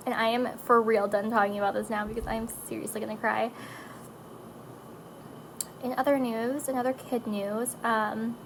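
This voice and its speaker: This woman's voice is a little high, and the poor audio carries a slight hiss or hum. A mother of four, she chats casually while putting on makeup. She rambles emotionally, wandering between subjects and leaning on "like" and other fillers.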